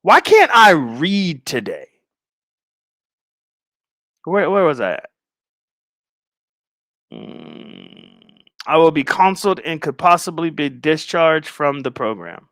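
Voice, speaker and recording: A man's voice: a little high, big pitch swings, takes it slowly, pauses often, a bit bright, no room sound, clean studio sound. A man hosting a casual livestream, rambling and distracted as he talks to viewers in chat. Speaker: livestream host.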